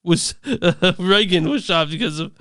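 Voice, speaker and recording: A man with a high, clean, resonant voice recorded close and dry. He co-hosts a casual movie podcast, stammers through restarts and swears offhandedly. His talk is loose and rambling. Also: moderate pace, sharp tone, clean tone, no echo. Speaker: podcast co-host.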